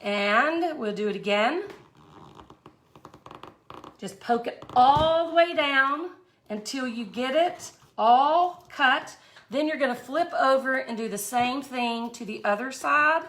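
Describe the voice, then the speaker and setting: A woman's voice: sits high, animated, takes it slowly, a bit bright, slight background noise. A middle-aged woman hosting a live craft tutorial, chatty and folksy, greeting viewers by name as she works. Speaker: art tutorial host.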